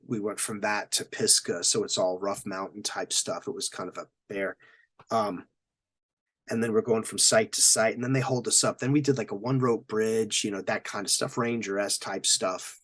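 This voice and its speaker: With a fairly low, slightly bright voice, the middle-aged veteran recounts stories in a podcast interview. He swears freely and performs the quotes and sound effects himself.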